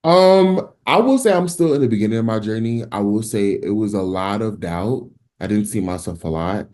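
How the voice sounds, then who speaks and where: A man's voice: lowish voice, expressive, moderate pace, darkish tone. A man from New Jersey, a singer, talking casually and animatedly in an interview, with lots of fillers and restarts. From Newark, New Jersey. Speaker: guest singer.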